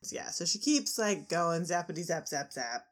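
A woman's voice: fairly low pitch, expressive, moderate pace. A woman co-hosting a podcast, casually recapping a cartoon episode and acting out quotes. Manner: chatty, acts out quotes, many fillers. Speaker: podcast co-host.

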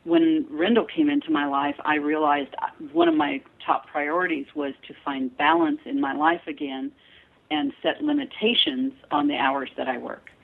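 Woman guest, chatty storyteller, gravelly voice on a tinny phone call. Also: sits low, very animated, normal speed. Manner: warm, chatty storyteller, laughs often. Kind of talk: casual interview chat.

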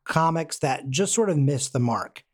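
A man's voice: a little high, lively intonation, moderate pace. A man co-hosting a casual podcast chat about comics, talking loosely and acting out quotes in put-on voices. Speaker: podcast co-host.

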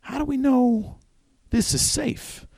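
A man voicing a nervous, wary husband, hesitant and pitched up. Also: slow, creaky, warm tone, no room sound, studio quality, exaggerated voice. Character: anxious husband in the wilderness.

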